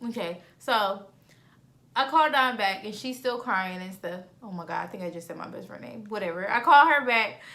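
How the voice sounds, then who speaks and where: A woman in her twenties tells a storytime vlog in animated, slangy style and acts out both sides of each conversation. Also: mid-range voice, normal speed. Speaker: vlogger.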